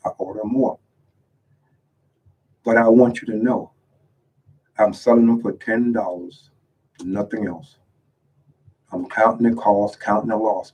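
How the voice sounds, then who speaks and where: A man's voice: medium pitch, dark tone, rough recording. Earnest man reading his own verse. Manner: reads his own poems aloud with rising emotional emphasis. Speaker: author reviewing his own book. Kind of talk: earnest spoken reading and commentary.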